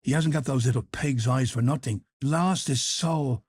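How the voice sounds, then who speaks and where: A man voicing an excitable, snuffling, gossiping middle-aged canvasser in an audiobook. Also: mid-range voice, normal speed, slightly rough, dry recording, lightly acted. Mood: scornful gossip.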